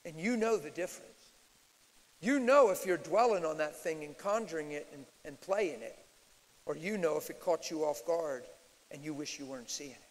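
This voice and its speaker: High-voiced guy preaching, swings loud then quiet, big hall echo. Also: normal speed. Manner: emphatic, shifts from loud declarations to low asides. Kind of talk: sermon-style Q&A teaching. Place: large church hall, live audience. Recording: reverberant hall.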